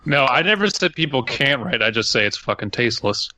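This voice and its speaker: A man's voice: medium pitch, lively intonation, fairly quick, pushed and bright. A man co-hosting a podcast, blunt and swearing, making dry remarks in casual chat. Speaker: podcast co-host.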